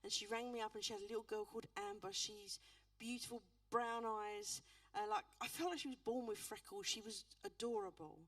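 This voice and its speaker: A woman's voice: fairly high pitch, sing-song, a little fast, vocal fry, fairly bright tone, no echo, recorded from a distance. A woman pastor telling a personal testimony in a sermon, earnest and building into fervent preaching. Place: church.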